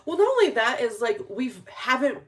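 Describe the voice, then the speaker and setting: A woman's voice: a little high, very animated, slight background noise. A young woman from California co-hosting a casual livestream, bubbly and chatty as she reads the chat. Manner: bubbly, chatty, quick to laugh. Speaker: co-host reading the chat.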